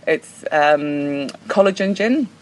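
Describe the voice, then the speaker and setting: A woman's voice: low voice, lively intonation, takes it slowly, a little mellow, a little hiss or hum, poor audio. A woman from Australia, a pub landlord, explaining hesitantly with many fillers. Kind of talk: casual explanation.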